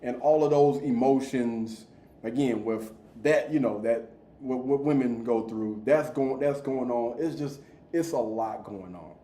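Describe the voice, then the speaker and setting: A man hosts a casual reaction podcast. He talks loose and slangy, doubling back on his words. His voice is mellow, and his room echoes around him. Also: mid-range voice, unhurried. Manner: laid-back, slangy, repeats himself. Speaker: podcast host reacting to videos. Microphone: streaming mic.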